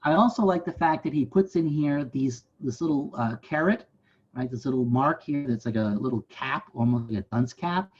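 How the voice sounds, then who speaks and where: A man's voice: mid-range voice, normal speed, breathy edge, muffled recording. A man giving a virtual history lesson at a library site, talking conversationally and often checking in with his listeners. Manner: conversational, often asks "right?". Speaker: museum educator. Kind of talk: virtual site visit talk.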